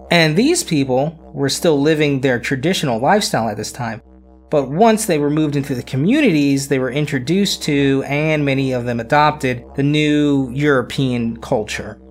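A podcast host narrating history casually, often repeating words and making self-deprecating asides. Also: mid-range voice.

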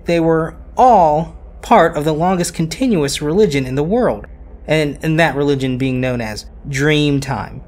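A podcast host narrating history casually, often repeating words and making self-deprecating asides. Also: mid-range voice.

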